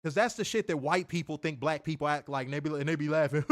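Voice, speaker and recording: A wrestling podcast co-host delivers casual, expletive-heavy commentary with a fairly high pitch, a quick pace, and few pauses. Animated throughout, he imitates voices and laughs out loud.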